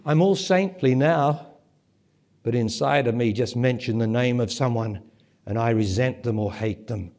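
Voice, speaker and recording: A man giving a spiritual talk to a live audience at a conference centre, speaking emphatically, asking rhetorical questions and building to forceful peaks. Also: mid-range voice. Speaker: spiritual teacher.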